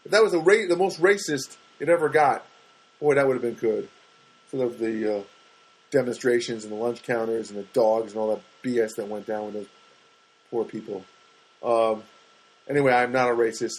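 A man's voice: moderate pace, breathy edge, low-quality recording. A middle-aged man, a stand-up comedian, rambling through a comedic monologue and acting out what people said to him. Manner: animated, acts out quoted voices with big pitch jumps.

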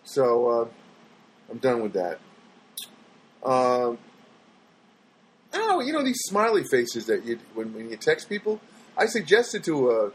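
This man's husky, medium-pitched voice swings hugely in pitch as he speaks at a measured pace, pausing often. In a casual monologue for his viewers, he rambles through everyday stories with exasperation, restarting frequently and mimicking the people he quotes, all on a rough recording.

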